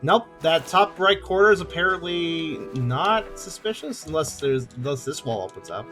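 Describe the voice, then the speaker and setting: Man, game streamer, lively up-and-down voice, slightly high, soft music behind. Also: moderate pace. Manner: animated, thinking aloud while playing. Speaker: let's play streamer. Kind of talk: casual gameplay chat.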